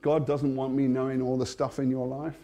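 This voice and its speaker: A British man giving a testimony sermon, storytelling with energy and laughing often, swinging between hushed and loud. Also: mid-range voice, level tone, a little fast. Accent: British English. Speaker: Christian speaker.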